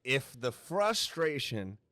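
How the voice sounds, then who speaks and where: A man, a guest actor and radio personality, telling animated stories to a student audience. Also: medium pitch, slow pace, no echo, studio quality. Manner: animated, emphatic storyteller. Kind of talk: storytelling to a live student audience.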